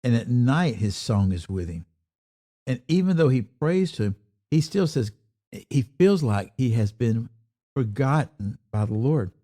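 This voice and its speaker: Male Bible teacher, warm mellow voice, reads verses slowly, then asks urgent, emphatic questions. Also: mid-range voice, sing-song. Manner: addresses listeners as folks.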